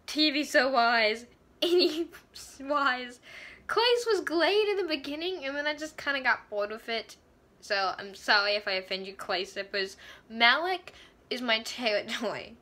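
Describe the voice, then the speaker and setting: An excitable woman talks through a TV episode in a casual fan review vlog. Her voice sits high and sounds bright and sharp. She gushes and breaks into laughter mid-sentence.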